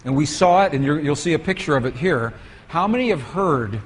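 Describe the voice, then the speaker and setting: A man's voice: fairly high pitch, animated, a little fast. A man giving a storytelling lecture with slides to an audience, asking them questions as he goes.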